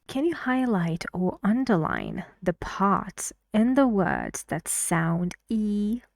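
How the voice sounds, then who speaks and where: A woman's voice: mid-range voice, huge pitch swings, takes it slowly, vocal fry, a little mellow. A woman teaching English pronunciation, patiently drilling words and repeating them for emphasis. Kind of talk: language lesson.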